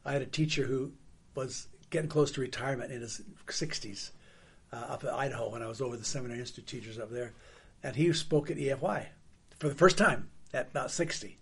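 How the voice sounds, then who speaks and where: A man hosting a casual conversation, telling stories in a husky voice that trails off quietly at the ends of sentences. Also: mid-range voice, quick pace. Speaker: host.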